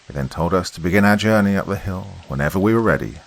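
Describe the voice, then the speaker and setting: Narrating a horror story for a podcast, a man delivers his script evenly and without hurry at a steady, measured pace. His voice remains deep and low the whole way, captured in a low-quality recording.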